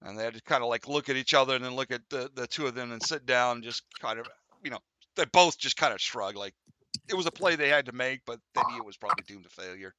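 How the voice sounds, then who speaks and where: Bright-voiced man running a tabletop game. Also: mid-range voice, fast, smooth, dry recording. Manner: rambling, full of fillers and restarts, voices the figures lightly. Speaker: game master.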